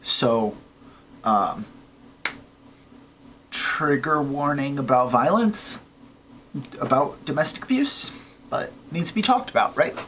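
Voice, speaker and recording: A man's voice: mid-range voice, expressive, slow pace, pauses often, a bit bright, slight background noise. Earnest man giving serious advice. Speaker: advice video host. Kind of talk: reading a letter and giving advice.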